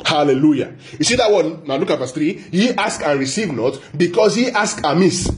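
Emphatic high-voiced male preacher. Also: animated, a little hiss or hum. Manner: emphatic, repeats key phrases and asks rhetorical questions; slows down to stress scripture quotes. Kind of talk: bible teaching sermon.

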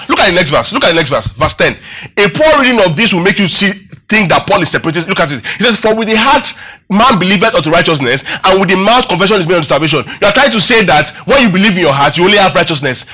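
Guy preaching a bible sermon, high voice, pretty bright, keeps asking the crowd questions and repeating stuff. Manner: asks the congregation questions, repeats phrases for emphasis.

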